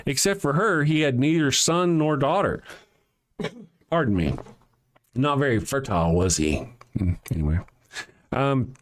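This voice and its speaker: A male host reads scripture on a live stream and keeps breaking off into sarcastic, mocking commentary. His voice sits at a middling pitch but swoops up and down, full of animated inflection. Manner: sarcastic, mocking asides with a lively swooping delivery.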